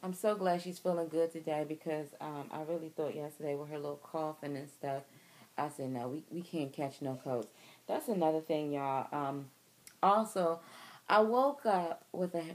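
A woman's voice: deep voice, gravelly, a little mellow, a little hiss or hum. A young woman, talking candidly and emotionally to her viewers in a personal video diary, recorded outdoors. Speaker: vlogger.

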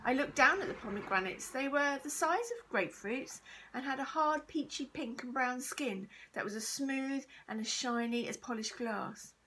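A woman teacher reading a children's chapter book aloud, steady and expressive. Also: high-pitched, moderate pace, a little hiss or hum, poor audio. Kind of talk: storybook read-aloud.

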